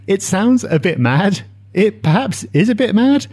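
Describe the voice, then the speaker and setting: A man's voice: high voice, big pitch swings, unhurried, a little mellow. A man co-hosting a property podcast, chatting casually and enthusiastically with frequent fillers. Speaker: podcast co-host. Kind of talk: casual chat.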